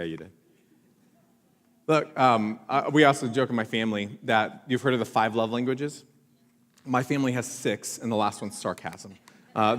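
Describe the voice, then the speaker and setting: A male pastor preaching a sermon, telling jokey self-mocking stories to the congregation. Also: mid-range voice. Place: church auditorium. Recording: church hall with long reverb.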